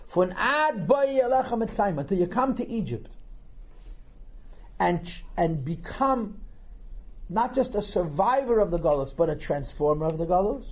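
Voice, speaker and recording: A man's voice: high-pitched, warm tone, poor audio. A man teaching a text class as a rabbi, translating line by line and asking rhetorical questions. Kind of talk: lecture on Torah text, reading and translating.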